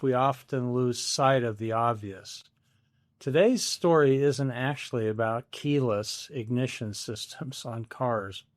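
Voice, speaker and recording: A man in his seventies hosting a solo podcast, telling a family story in a wry, self-deprecating scripted style. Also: medium pitch. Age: 70s.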